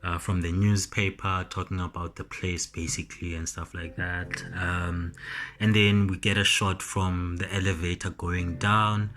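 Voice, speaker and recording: A man's voice: flat delivery, fairly bright tone. A man casually recapping a TV episode as a reviewer, hesitant with many ums and restarts. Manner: slow and low-key. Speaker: TV show reviewer.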